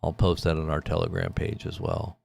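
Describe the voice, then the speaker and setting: A man hosting a casual livestream, reading news headlines and thinking out loud in a rambling way. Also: deep voice, completely flat delivery, normal speed, vocal fry.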